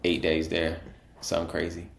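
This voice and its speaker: Man, very low voice, casual podcast chat, rambling stories, echoey room. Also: monotone, normal speed, gravelly. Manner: laid-back, laughs often, rambling stories. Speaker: podcast co-host.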